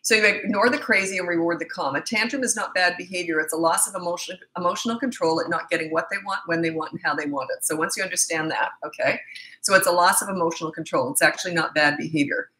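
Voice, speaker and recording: A middle-aged woman coaching parents with a bright, forceful voice that sits a little low. She talks bluntly and with emphasis, slipping into quick acted exchanges between parent and child. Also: rough recording. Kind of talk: casual advice talk.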